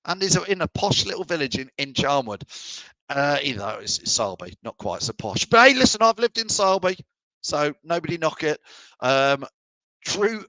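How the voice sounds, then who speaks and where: A man's voice: a little high, bright, forceful tone, no echo, poor audio. Chatty man hosting a fan livestream. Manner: chatty, teasing, reads out viewer messages. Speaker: fan channel host. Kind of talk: live stream chat reading comments.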